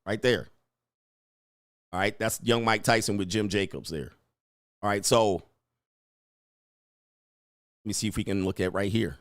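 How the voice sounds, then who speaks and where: A man's voice: on the low side, unhurried, long pauses, dry recording, studio quality. A man hosting a casual livestream, reading viewer comments and riffing with profane, joking commentary. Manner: profane, joking, reads chat aloud. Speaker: livestream host and dating coach.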